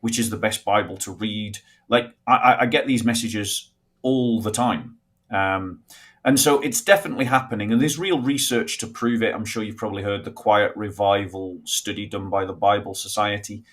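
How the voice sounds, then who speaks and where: A British man speaking as a guest in a live-stream discussion, halting with many restarts and a dry wit. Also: lowish voice, steady tone, fairly bright tone.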